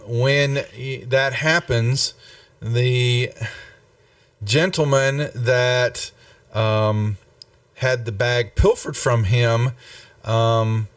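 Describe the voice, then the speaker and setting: Slow, rambling male game master. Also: medium pitch, a bit bright, no echo, distant mic. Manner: unhurried, rambling with many fillers. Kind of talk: narrating a tabletop game.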